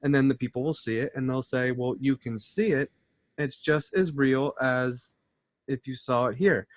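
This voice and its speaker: A man talking casually but earnestly, laying out his ideas in a preachy way. His voice is mid-pitched and the recording is dry, with no room echo. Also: moderate pace. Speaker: channel host. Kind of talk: casual conversation.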